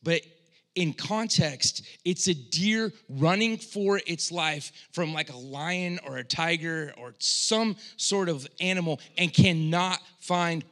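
Speaking as a pastor, a man delivers a sermon in a conversational style with frequent restarts, moving between quiet, low stretches and loud, impassioned outbursts.

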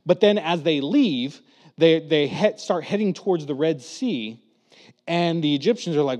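Slightly high-voiced male preacher. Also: a little slow, in a large hall. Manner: animated, acts out quotes with voices. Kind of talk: storytelling sermon.

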